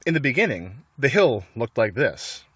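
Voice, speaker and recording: Animated man reading a storybook. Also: medium pitch, normal speed, slightly rough, no room sound. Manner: animated, with light laughs. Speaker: narrator. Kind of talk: reading a children's book aloud.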